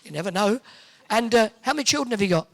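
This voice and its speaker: A Hertfordshire, England man with a high, gravelly, expressive voice hosts before a live audience in an indoor event hall. He works the crowd with cheeky banter, joking, teasing and quick with quips.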